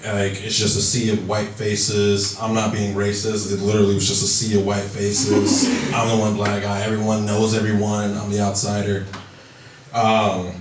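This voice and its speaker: A man's voice: fairly low pitch, monotone, normal speed, noisy background. Profane male stand-up comic in an echoey club. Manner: loose, profane storytelling with crowd work. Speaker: stand-up comedian. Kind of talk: stand-up comedy set. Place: comedy club stage. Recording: echoey club recording from a distance.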